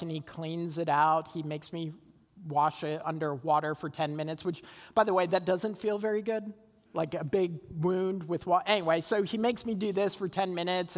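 A pastor preaching a sermon, telling a personal story in a relaxed, conversational way with small laughs and restarts. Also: male voice, fairly high pitch. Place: church sanctuary. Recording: long hall reverb.

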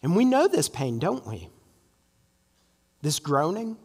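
A man's voice: on the high side, huge pitch swings, slow, darkish tone, husky, long reverb tail. A man preaching an earnest, emphatic sermon in a church, often tossing in "right?" asides. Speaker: pastor. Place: church sanctuary.

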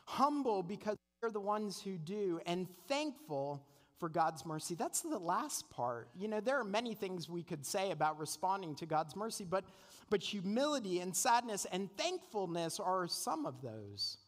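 A man delivers a sermon in a high voice full of expressive rises and falls. He sounds earnest and conversational, often putting rhetorical questions to his listeners. His words carry a long reverb from a large church sanctuary. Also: normal speed. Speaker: pastor.

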